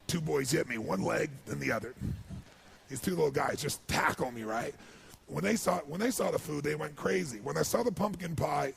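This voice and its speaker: A man giving a motivational speech, telling a personal story with rising emotion and gravelly tone. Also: slight background noise. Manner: emotional storytelling, builds to excited highs. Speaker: motivational speaker. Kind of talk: speech to an audience.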